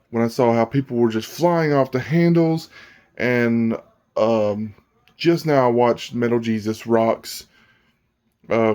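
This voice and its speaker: A man's voice: mid-range voice, darkish tone. A man vlogging about games in a blunt, rambling casual rant, often restarting his sentences. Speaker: gaming vlogger.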